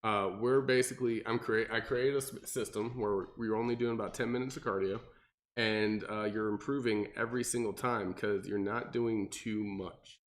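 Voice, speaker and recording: A man, a personal trainer co-hosting a podcast, talking casually and animatedly with lots of fillers and restarts. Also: normal speed. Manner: animated, mimics people in exaggerated high voices, many fillers and restarts.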